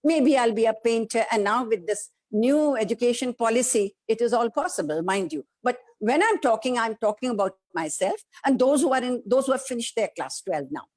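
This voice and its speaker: A woman's voice: a little high, expressive, fairly quick, hardly any pauses, darkish tone. A woman with an Indian English accent, an actress giving an emphatic interview answer with rhetorical questions and acted-out quotes of other people. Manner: acts out quoted voices of family and society.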